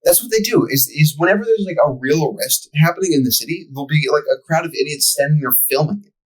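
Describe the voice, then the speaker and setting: Husky young man ranting casually. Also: on the high side, quick pace, low-quality recording. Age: young adult. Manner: profane ranting storyteller. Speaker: podcast co-host. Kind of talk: casual chat.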